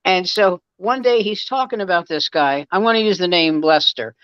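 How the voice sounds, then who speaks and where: A man's voice: high-pitched, moderate pace, a bit bright, clear, resonant tone, dry recording, muffled recording. A man, a guest comedian, telling rambling anecdotes in casual chat, with frequent restarts and acted-out quotes.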